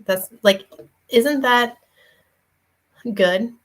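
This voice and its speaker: Speaking very slowly in a slightly high voice, a young woman who is a faith vlogger and parent gives a casual devotional talk. She's earnest and conversational as she shares a personal story, with many fillers and restarts, on a rough recording.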